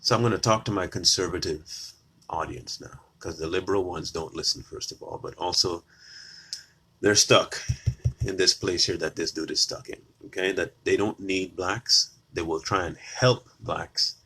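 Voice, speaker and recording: A man's voice: low-pitched, moderate pace, gravelly, bright, forceful tone, a little hiss or hum. A man giving a combative opinion monologue straight to his viewers, repeating his lines for emphasis. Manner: combative, repetitive, addresses viewers directly. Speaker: political commentator.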